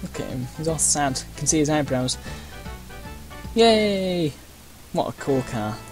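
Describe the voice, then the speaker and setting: This racing commentator speaks a little fast in a mid-range voice, his casual let's-play talk wandering through uhs, side stories and playful exclamations. Game music and sound effects play behind him.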